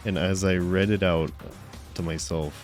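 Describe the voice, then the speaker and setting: A man's voice: deep voice, fairly even intonation, normal speed, darkish tone, faint music behind. A man streaming a game live, chatting with viewers in playful, mock-offended banter with stammering restarts.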